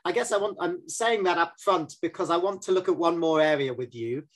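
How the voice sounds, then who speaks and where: A man hosting a Christian conversation, measured, quoting scripture as he talks. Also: a little high. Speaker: host. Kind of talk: faith-based interview.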